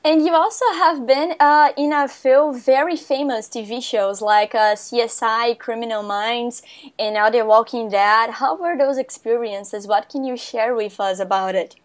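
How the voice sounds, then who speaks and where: Woman interviewer, high voice, English, giggly. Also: measured pace. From Brazil. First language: Portuguese. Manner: giggly, friendly questioner. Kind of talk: interview questions.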